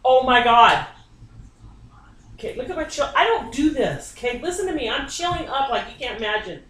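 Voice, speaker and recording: A woman's voice: a little high, very animated, normal speed, a bit bright. A woman psychic medium giving a reading in someone's home, talking bluntly and insistently and swearing often. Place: inside a private home. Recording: echoey room, distant mic, faint ambience.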